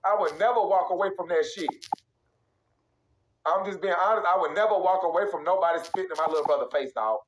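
A man's voice: high voice, quick pace, slight background noise, low-quality recording. A young man, ranting heatedly on a live stream, profane, repetitive and emphatic.

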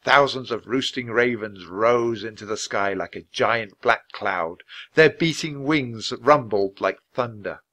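A man reading a children's book aloud in an expressive, clear, measured way. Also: fairly low pitch. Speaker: storybook reader.

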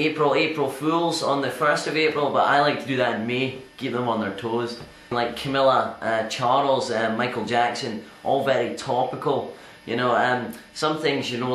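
An actor playing a self-important, deluded male stand-up comedian, boastful and halting with fillers, recorded in an echoey venue. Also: mid-range voice, a bit bright, slight background noise, lightly acted. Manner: pompous and boastful, hesitant with fillers. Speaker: interviewee in a sketch.

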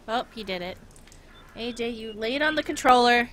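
A woman's voice: on the high side, normal speed, fairly bright tone, slight background noise. A young woman streaming a game, chatting casually and rambling with giggles, talking to her chat and her dog.

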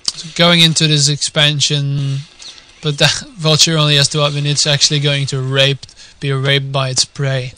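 A young man with a Dutch accent casting a video game live, drifting from quiet musing to shouted excitement. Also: fairly high pitch, moderate pace, a little hiss or hum. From Netherlands. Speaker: game caster.

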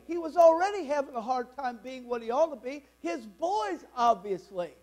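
A man's voice: very high voice, lively intonation, normal speed, hardly any pauses, darkish tone. A man in his sixties preaching a fervent, worked-up sermon in church. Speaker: pastor.

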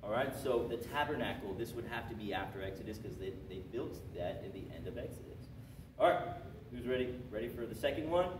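A man teaching a Sunday school class, reading scripture slowly and coaxing his students with a chatty manner. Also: medium pitch, expressive. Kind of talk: Bible quiz lesson. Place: church classroom. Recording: roomy echo, distant mic, noisy.

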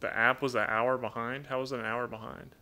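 Hosting a laid-back live Q&A from home, a raspy-voiced man reads the chat out loud and talks to his pet birds in a loose, rambling way. He speaks briskly at medium pitch with little pitch movement, sounding pushed and bright.

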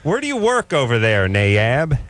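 A man hosting a radio call-in show, telling stories and ribbing callers in sarcastic, animated banter. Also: medium pitch, measured pace, no echo.

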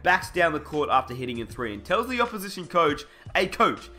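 A man narrates a sports documentary with a bright, forward tone and plenty of lift and fall in his pitch. The delivery is scripted and dramatic, with faint music running underneath. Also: big pitch swings, fast.

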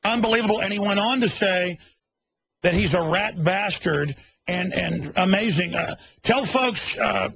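A man's voice: sits high, measured pace, gravelly, fairly bright tone, breathy edge, dry recording. A man hosting a radio interview, pushing his guests with urgent questions. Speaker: radio host.

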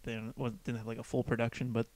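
A man's voice: medium pitch, level tone, quick pace, a little mellow, dry recording. A man co-hosting a casual podcast, rambling through stories, swearing freely and acting out quotes. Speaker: podcast co-host. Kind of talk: casual chat. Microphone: studio microphone.

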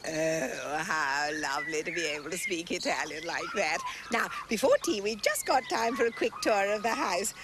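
A woman's voice: lowish voice, sing-song, moderate pace, few pauses, noisy background. An actress playing a prim, scheming English spinster who lets her house, gossiping in an arch, falsely sweet way. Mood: catty, sweet. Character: prim scheming spinster landlady, middle-aged. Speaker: village hostess letting her house. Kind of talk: period television drama.

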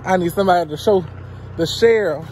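A woman's voice: on the low side, a little fast, a little mellow, slight background noise. A woman in her twenties chatting casually while walking outdoors, out of breath, giving blunt, profane advice straight into a handheld phone camera. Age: 20s. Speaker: vlogger. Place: outdoors on roadside near woods.

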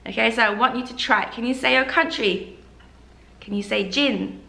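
A woman's voice: fairly high pitch, normal speed, vocal fry, bright, forceful tone. A young woman gives a casual, upbeat video lesson, coaxing viewers to repeat phrases after her. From Australia. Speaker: language teacher vlogger. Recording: echoey room.

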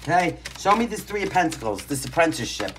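This tarot reader speaks low and fast with a sing-song lilt, and the background is noisy. She's a Brooklyn native with the accent to match, reading cards casually from home with pets around, blunt, brash and emphatic.

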